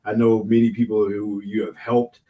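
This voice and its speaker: A man's voice: on the low side, flat delivery, normal speed, narrow, tinny audio. Give me a male podcast co-host who chats casually and enthusiastically, full of slang and praise. He keeps tossing in "man" and "bro" as he talks. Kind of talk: casual chat.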